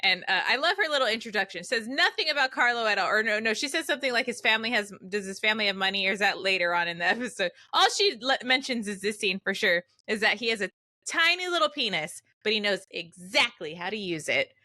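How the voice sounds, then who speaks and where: A young woman with a bright, sharp voice co-hosts a podcast. She chats casually about a TV episode, animated and quick to act out what characters say. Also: mid-range voice. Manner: animated, laughing, acts out quotes. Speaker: podcast co-host. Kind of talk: casual chat recapping a TV episode.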